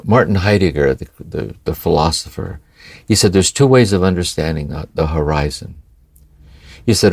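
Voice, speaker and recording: A man's voice: sits low, creaky, darkish tone, slightly rough, dry recording. An older man, co-host of a spiritual podcast, talking in a meditative, reflective way and often asking "see?". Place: home by the ocean.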